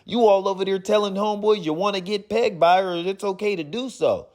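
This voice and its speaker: A young adult man, giving comedic, mocking commentary while reading chat messages aloud in animated bursts. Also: high-pitched, fairly quick. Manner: animated, mocking, rhyming riffs. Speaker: gaming commentator reading chats.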